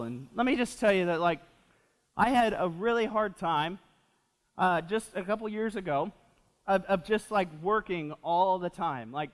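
A man in his twenties preaching a sermon as pastor, animated and casual, full of fillers and asides to the congregation. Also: high voice. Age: 20s. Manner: animated, repeats himself with fillers, jokes with the audience. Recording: long reverb of a church hall.

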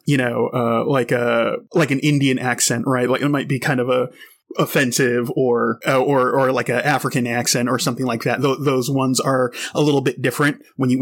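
A man in a relaxed podcast conversation, talking loosely with frequent fillers and false starts. His pitch sits in the middle range for a man. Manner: rambling, many fillers and restarts. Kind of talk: casual podcast discussion.

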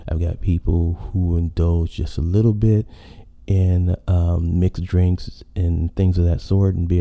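A man's voice: low-pitched, vocal fry, dark tone. A man hosting a podcast, talking in a rambling casual monologue full of fillers and restarts. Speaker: podcast host.

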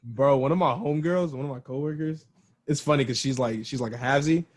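A man's voice: mid-range voice, fast talker. A young man in casual chat, bantering loosely with lots of slang and frequent laughter.

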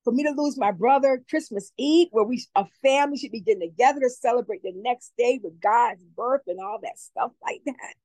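Woman, high voice, earnest, emotional, repetitive, dry studio sound. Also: a little fast, hardly any pauses, darkish tone, no echo, poor audio. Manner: earnest, heartfelt, repeats herself. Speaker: community advocate guest. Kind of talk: emotional testimony in an interview.

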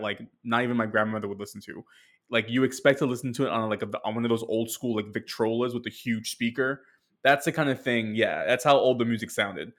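A man's voice: mid-range voice, fairly bright tone. A man co-hosting a podcast in casual chat, rambling with lots of "like" and dry sarcasm. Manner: rambling, sarcastic, many fillers. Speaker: podcast co-host.

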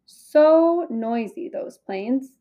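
A woman reading aloud voices a quick-witted young girl bluffing soldiers, with bright, breathless chatter. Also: sits high, lively intonation, dull audio, exaggerated voice.

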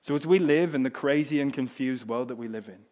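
Middle-aged guy preaching, storytelling, goes soft then loud and high. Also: fairly quick. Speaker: pastor. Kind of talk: sermon.

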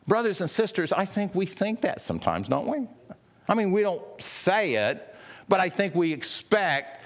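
A man's voice: mid-range voice, sing-song, moderate pace. A male pastor preaching a sermon in a conversational way, often repeating words and acting out quoted voices.

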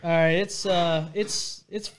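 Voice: mid-range voice, fairly even intonation, slow pace. A podcast co-host in a studio, reading out listener messages and calling out the time with dry humor. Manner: dry, wry, reads out chat messages. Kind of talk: casual podcast banter.

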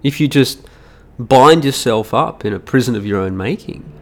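A man's voice: medium pitch, animated, normal speed. A middle-aged Australian man hosting a solo podcast, ranting profanely in a mocking, emphatic way into a studio microphone. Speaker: podcast host.

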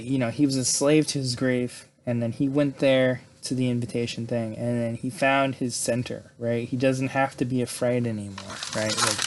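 A man's voice: mid-range voice, slight background noise. A man casually recapping a movie's plot, rambling with lots of fillers and tag questions. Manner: rambling, filler-heavy, frequent "right?" and "like"; laughs between lines. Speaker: film recapper.

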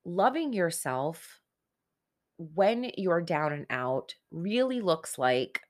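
A woman's voice: fairly low pitch, very animated, slow, darkish tone. A woman in her forties giving an earnest, conversational motivational talk on self-help, speaking straight to her listeners. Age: 40s.

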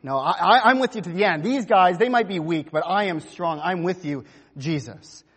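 A man's voice: sits high, animated, normal speed, a bit bright, husky, in a large hall, full character voice. A man preaching, acting out a boastful, insistent grown disciple who protests his loyalty. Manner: emphatic, self-assured protesting.

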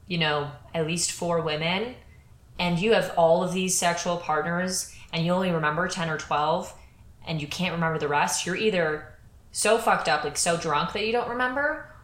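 A young woman with a low voice talks candidly through a personal story, chatty and full of fillers. Her voice carries a noticeable roomy echo. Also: normal speed, fairly bright tone. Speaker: podcast co-host. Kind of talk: casual storytelling chat.

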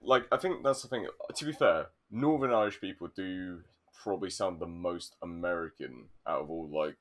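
A man's voice: low-pitched, normal speed. A young man with a West London accent, worn down by years overseas, co-hosting a casual podcast chat. He rambles, swears and laughs often. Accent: West London English, softened by living overseas. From England. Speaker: podcast co-host.

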